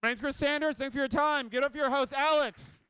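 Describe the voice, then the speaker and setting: A man in his thirties doing a loose stand-up set on a club stage, with shouted punchlines. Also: extremely high pitch, steady tone, quick pace, slight background noise. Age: 30s. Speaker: stand-up comedian.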